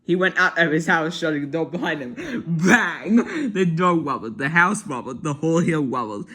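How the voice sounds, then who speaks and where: High-voiced man, casual storybook reader, chuckly and lively. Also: a little fast. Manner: chuckling, lively reading aloud.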